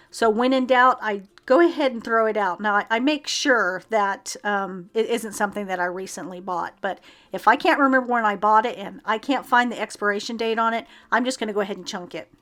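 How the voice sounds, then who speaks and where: A woman's voice: on the high side, a little fast, fairly bright tone. A woman, chatting casually through a home decluttering video with frequent ums and little laughs at herself. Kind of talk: casual how-to voice-over.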